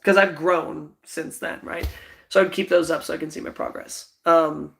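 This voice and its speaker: A man's voice: a little high, fairly even intonation, normal speed, creaky. A young man in his twenties, chatting with viewers and rambling casually, with lots of fillers and frequent giggles. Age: 20s. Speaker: livestream host. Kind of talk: casual livestream chat.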